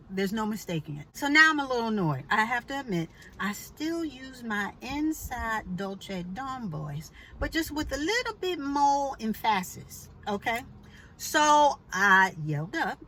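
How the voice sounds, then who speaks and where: A woman's voice: on the high side, bright, forceful tone, slight background noise, low-quality recording. A woman telling a personal story in a chatty, emphatic way, with pointed asides to the listener. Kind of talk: casual storytelling vlog.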